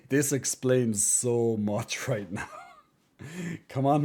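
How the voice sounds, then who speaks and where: A man's voice: medium pitch, drawn-out words, creaky, long pauses, mellow. A man streaming live, chatting casually in a joking, rambling way and swearing freely.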